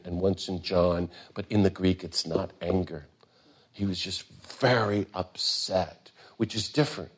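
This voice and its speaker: Earnest older man, fairly low voice. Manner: earnest, rises to emphatic peaks then drops quiet. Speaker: speaker on nonviolence. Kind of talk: impassioned talk.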